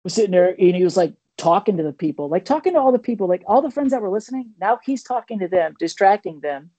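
Podcast co-host, rambling animated storyteller, mellow dark voice. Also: male voice, sits high, fast talker, no room sound. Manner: rambling, animated, many restarts and fillers.

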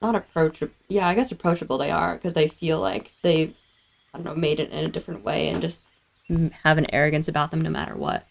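A woman's voice: deep voice, fairly even intonation, quick pace, creaky, slight background noise. A woman in a casual podcast chat, hesitant and searching for words.

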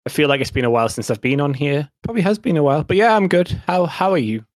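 A man co-hosting a podcast, bantering in a relaxed, jokey way. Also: on the high side, fast, no echo, clean studio sound. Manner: jokey, laid-back banter. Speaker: podcast co-host. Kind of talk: casual podcast chat.

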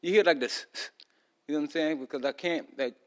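Talking around a loose tooth, a male podcast host rambles casually through a long story, with plenty of fillers and restarts. His voice is on the high side and fairly quick.

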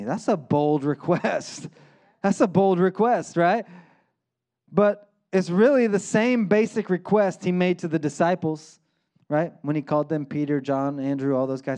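A man's voice: fairly high pitch, unhurried, darkish tone. A male pastor giving a conversational sermon, often checking in with "right?" and acting out quotes.

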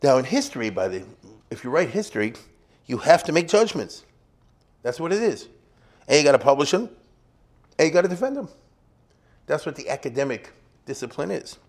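A man's voice: on the high side, very animated, brisk, long pauses. A man giving an informal, conversational lecture, often turning to his listeners with rhetorical questions.

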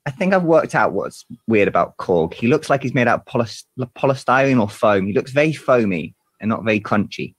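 A man talks in a loose group chat, laying out his thinking with a wry edge. His voice is husky and his pitch swings a lot. The sound is dry and close, with little room. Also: expressive, brisk, hardly any pauses, no room sound.

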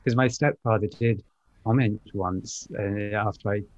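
A man co-hosting a podcast, telling measured anecdotes with pauses. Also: on the low side, steady tone, darkish tone, dry recording, lo-fi sound. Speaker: podcast co-host. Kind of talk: casual podcast chat.

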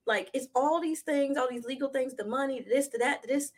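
A young woman co-hosting a podcast, chatting casually about celebrity gossip in an animated, slangy way and laughing often. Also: high-pitched, fairly quick. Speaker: podcast co-host.

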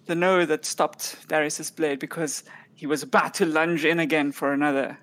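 Laid-back woman player, lowish voice. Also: steady tone, normal speed. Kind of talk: casual tabletop play.

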